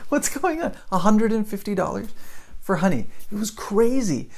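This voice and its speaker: A man in his thirties hosting a podcast, telling a story casually to camera, animated, chuckling often and tossing in rhetorical questions. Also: high voice, moderate pace, vocal fry. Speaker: podcast host.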